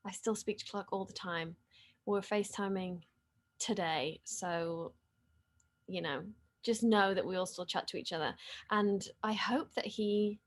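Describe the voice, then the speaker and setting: A woman casually chatting with fans on a livestream from her home, excitable and reading comments aloud. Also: a little high. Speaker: actress hosting a fan livestream. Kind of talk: casual live-stream chat reading comments. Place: living room at home.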